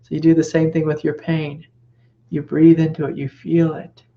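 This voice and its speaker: A middle-aged man giving a spiritual teaching talk in a gentle, reflective way, sometimes dropping into soft reassuring whispers. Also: fairly high pitch, completely flat delivery, moderate pace, dull audio.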